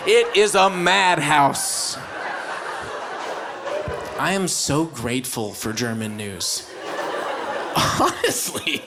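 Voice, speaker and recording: An American man performing a live stand-up set on stage, animated and mock-shouting his punchlines. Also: a little high, drawn-out words, long pauses, noisy background. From United States. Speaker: stand-up comedian. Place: comedy stage before a live audience.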